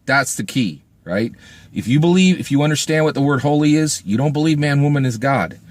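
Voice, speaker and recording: A man's voice: a little high, brisk. A man giving a casual spoken book review, emphatic, and he often asks "right?". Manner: emphatic, keeps asking "right?"; animated, acts out quoted speech.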